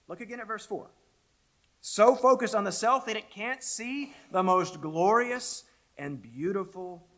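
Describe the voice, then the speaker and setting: Emphatic preacher trailing to near-whispers. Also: male voice, on the high side, fairly bright tone. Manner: emphatic preaching, repeats words, drops to near-whisper at phrase ends. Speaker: pastor. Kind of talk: sermon.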